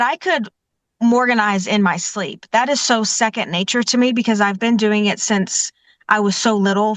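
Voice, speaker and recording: A woman's voice: medium pitch, no echo. A woman, a professional organizer being interviewed, talking eagerly and telling stories with many "you know"s. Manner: enthusiastic, warm storytelling with many "you know"s. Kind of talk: conversational interview answers.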